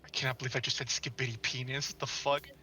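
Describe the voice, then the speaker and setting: A man's voice: mid-range voice, level tone, fast, sharp tone. A man streaming a game in casual chat, playful, swearing freely and humming nonsense syllables.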